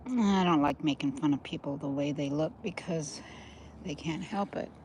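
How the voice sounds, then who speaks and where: A woman's voice: sits low, moderate pace, a little mellow, a little hiss or hum. An older woman rambling through a walk-and-talk vlog outdoors by a river, chatting straight to her viewers on a handheld phone. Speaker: vlogger. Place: outdoors by a river in cold weather.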